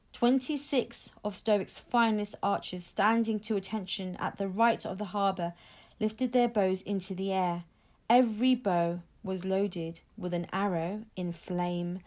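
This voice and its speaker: A woman reading a children's novel aloud in an expressive, unhurried storytelling manner. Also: medium pitch. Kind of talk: children's book read-aloud.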